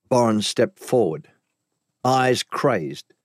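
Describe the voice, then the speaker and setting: A man narrating a story in the first person with dramatic, expressive delivery. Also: mid-range voice, moderate pace, no room sound. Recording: dry close recording.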